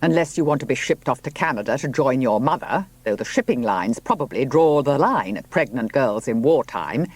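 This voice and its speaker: A man reading the part of a blunt but kindly country gentleman who speaks dryly and placidly. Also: mid-range voice, expressive, moderate pace, hardly any pauses, no room sound, close to an everyday voice. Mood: firm.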